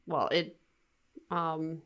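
A woman co-hosting a podcast, explaining a topic in a relaxed, conversational way with many fillers. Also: low voice, very slow. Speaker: podcast co-host. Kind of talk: casual chat.

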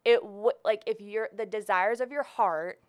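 A young woman chatting on a faith podcast, rambling easily with plenty of fillers. Her voice is smooth and clear, at a middling pitch, recorded dry and close. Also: moderate pace, dry recording. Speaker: podcast co-host. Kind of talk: casual chat.

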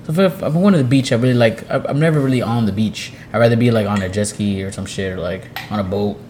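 Fast-talking male podcast co-host. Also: fairly low pitch, a little mellow, a little hiss or hum. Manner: rapid, joking, profane banter. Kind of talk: casual chat.

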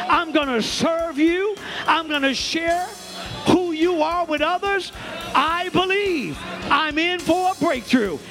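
A male bishop preaching a sermon in a church, leading the congregation through call-and-repeat declarations that swell into shouts. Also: extremely high pitch. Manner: joking asides to the congregation. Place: church sanctuary.

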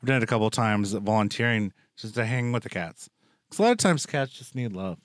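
A man's voice: fairly low pitch, animated, fairly quick, dry recording. Young man, podcast host, rambling and jokey, very dry sound. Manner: rambling, joking, lots of filler words. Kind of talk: casual chat.

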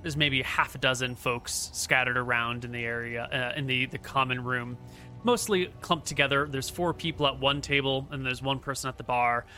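A man's voice: medium pitch, steady tone, normal speed, sharp tone, faint music behind. A man narrating a tabletop game as game master, describing scenes in a loose conversational way.

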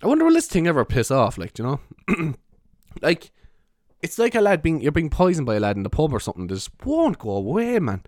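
A man's voice: on the high side, huge pitch swings, fairly quick, darkish tone, dry recording, clean studio sound. A young man with a Cork Irish accent, chatting casually to camera, rambling, swearing often and laughing at himself. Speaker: vlogger. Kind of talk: casual rambling vlog chat.

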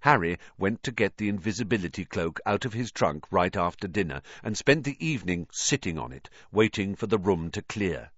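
A man narrating a storybook with an expressive, varied delivery. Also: low-pitched, a little fast, hardly any pauses, no echo, muffled recording. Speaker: audiobook narrator.

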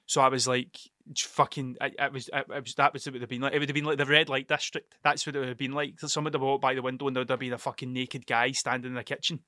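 Guy podcasting solo, bright voice, swears a lot, keeps cutting himself off, dry close sound. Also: mid-range voice, little pitch movement, very fast, no room sound. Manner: rambling, sweary, self-interrupting. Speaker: podcast host. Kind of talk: casual solo podcast storytelling.

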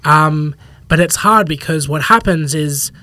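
Unhurried and forceful, this male podcast guest has a bright, fairly high-pitched voice with no room sound. A fitness professional, he rambles through a casual interview, acting out imagined people's thoughts in quoted asides.

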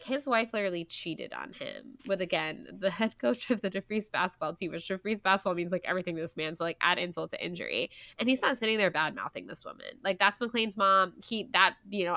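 A woman's voice: on the low side, pushed and bright, no echo. A young woman co-hosting a book podcast, chatting casually and animatedly, with frequent swearing and lots of "like". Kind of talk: casual chat.

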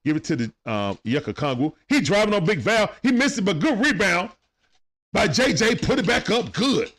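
A man's voice: sits high, sing-song, moderate pace, a bit bright. A man doing casual play-by-play commentary on a live stream. He talks in slang, greets viewers by name, and speaks into a phone.

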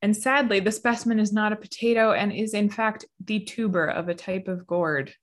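A woman's voice: medium pitch, normal speed. A woman co-hosting a casual podcast chat, reading news quotes aloud and laughing often. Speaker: podcast co-host.

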